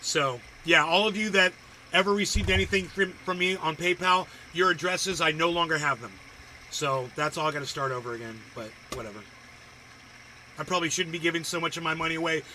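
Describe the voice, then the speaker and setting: High, bright-voiced man ranting. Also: brisk, slight background noise, rough recording. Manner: ranting, crude insults, laughs. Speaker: livestream host. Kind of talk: profane reaction commentary.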